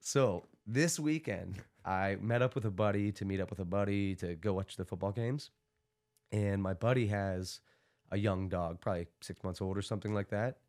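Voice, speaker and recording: A young man chatting casually as a podcast guest, telling stories in an animated way and laughing often. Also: fairly low pitch, normal speed. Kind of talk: casual chat.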